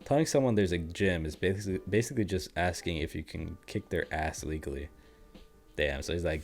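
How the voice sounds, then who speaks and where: A man's voice: sits low, fairly quick, soft background music. A man hosting a manga reaction, reading aloud and commenting in a loose, chatty way with frequent swearing and laughter. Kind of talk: casual reaction and read-aloud.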